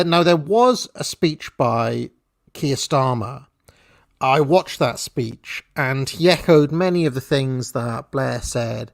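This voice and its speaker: A man's voice: medium pitch, vocal fry, dry recording, studio quality. A man giving blunt, irreverent political commentary in a casual, profane rant.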